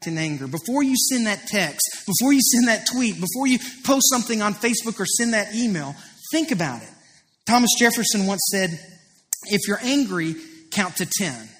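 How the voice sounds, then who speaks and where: High-voiced pastor preaching in a hall. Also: male voice, very animated, moderate pace, fairly bright tone. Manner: earnest, confessional, storytelling with rising emphasis. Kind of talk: sermon. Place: church auditorium. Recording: preached in a large reverberant hall.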